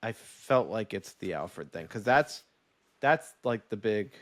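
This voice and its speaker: A man co-hosting a podcast in casual chat, telling stories with lively quoted voices and frequent laughs. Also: on the low side, takes it slowly, no echo. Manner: animated storytelling with quoted voices, laughs often. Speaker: podcast co-host.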